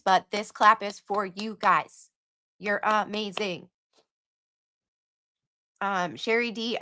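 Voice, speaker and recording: A woman hosting a casual livestream, reading out donations and messages with animated asides. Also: mid-range voice, clear, resonant tone, dry recording, clean studio sound. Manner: animated, reads donor names and messages aloud with quick asides. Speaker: livestream host.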